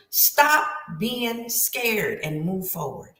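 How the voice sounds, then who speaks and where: A woman's voice: mid-range voice, animated, unhurried, a bit bright, roomy sound. A woman writing coach giving an emphatic, preachy motivational talk with lots of repetition.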